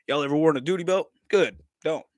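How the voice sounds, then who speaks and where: A man's voice: a little high, brisk, dry recording. A man, chatting casually on a livestream, joking, laughing often and swearing freely. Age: 30s. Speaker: livestream vlogger.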